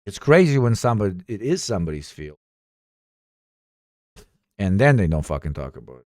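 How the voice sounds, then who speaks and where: A man's voice: lowish voice, fairly quick, no echo, clean studio sound. A man streaming reaction commentary, swearing freely, laughing often, and pressing his points with energy. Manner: profane, animated, laughs a lot.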